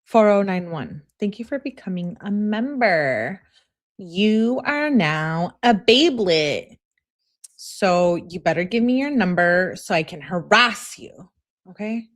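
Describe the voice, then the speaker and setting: A woman's voice: on the low side, animated, a little slow. A woman host reading text messages aloud and commenting on them in a sassy, casual way, often laughing and talking back. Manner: sassy, laughs and talks back to what she reads.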